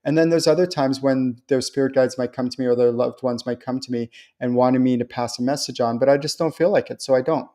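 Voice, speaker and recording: A man hosting a live stream on spiritual topics, talking in a chatty, reassuring way and acting out quoted voices with lively jumps. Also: medium pitch, fast talker, hardly any pauses. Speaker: host and spiritual channeler. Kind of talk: live-stream talk answering viewer questions.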